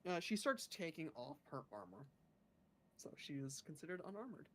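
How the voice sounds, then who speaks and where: A woman player narrates her character's actions in a tabletop role-play game. She talks casually with laughs, and her somewhat low voice swings widely in pitch. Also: very animated, normal speed, a bit bright.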